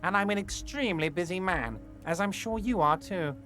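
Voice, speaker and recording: An actor playing a smooth-talking, self-important male boss in a video game, falsely reassuring and pompous. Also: high voice, moderate pace, a bit bright, soft background music. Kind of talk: video game character acting.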